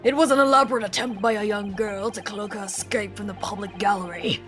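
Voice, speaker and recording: A woman voicing a measured, formal male prosecutor with a lowered voice. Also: steady tone, a bit bright, soft background music, close to an everyday voice.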